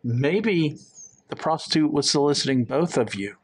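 A man's voice: on the high side, expressive, normal speed, breathy edge. A man co-hosting a racing podcast in casual, joking chat. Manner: joking, laughs often. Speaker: podcast co-host.

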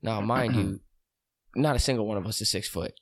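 A man's voice: on the low side, a little fast, dry recording, clean studio sound. A young man in his twenties, a podcast co-host telling rowdy, profane stories among friends and laughing through them. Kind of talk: casual storytelling among friends.

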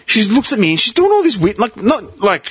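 High, husky, animated young-sounding man. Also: brisk, dry recording. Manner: animated, laughing storyteller. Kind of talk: casual chat.

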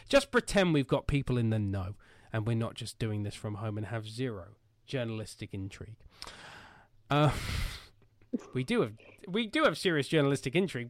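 A man's voice: medium pitch, no room sound. A man hosting a casual football podcast from home, joking and rambling with lots of fillers. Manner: jokey and rambling, with many fillers. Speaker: podcast host.

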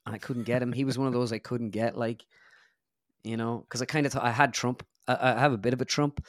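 In a clean, dry studio recording, a young man from Ireland's Midlands speaks in a steady, mid-range voice, a little on the fast side. He's a comedian and impressionist appearing as a guest in a relaxed interview, and his sentences blur together with plenty of fillers.

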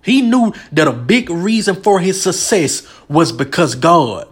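A man's voice: high-pitched, big pitch swings, measured pace, slightly rough. A man preaching a sermon with emotional, emphatic delivery. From United States.

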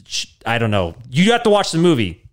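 A man hosting a podcast, telling a rambling, deadpan comic story full of fillers. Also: medium pitch, brisk. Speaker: podcast host. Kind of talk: casual comedic storytelling.

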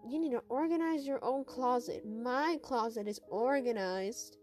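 A woman's voice: fairly high pitch, a little slow, darkish tone, faint music behind, lightly acted. A woman voicing a teasing brother who mocks his sister in a sing-song way. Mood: mocking.

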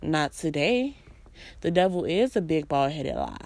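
Low-voiced woman venting bluntly. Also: huge pitch swings, a little slow, vocal fry, a little mellow, dry recording. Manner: emphatic, blunt, profane, repeats phrases for emphasis. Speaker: vlogger. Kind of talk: venting personal monologue.

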